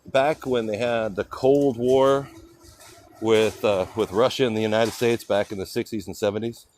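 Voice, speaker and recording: A man's voice: fairly low pitch, fairly even intonation, normal speed, a little mellow, a little hiss or hum. Rambling older man livestreaming on the street. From California. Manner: rambling, chatty, reads out viewer names. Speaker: livestream host. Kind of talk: casual walking livestream chat. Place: city streets outdoors.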